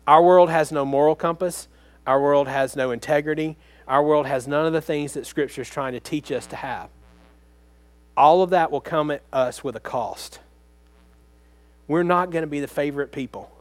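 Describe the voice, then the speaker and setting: A man's voice: a little high, normal speed, dry recording. A man preaching a sermon as pastor, speaking earnestly and conversationally, often turning to the congregation with direct questions.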